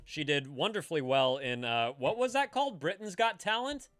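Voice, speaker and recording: A man co-hosting a casual live stream, animated and swearing freely, breaking into loud shouted bits. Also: on the high side, moderate pace, clear, resonant tone, no room sound, studio quality, soft background music. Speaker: streamer co-host.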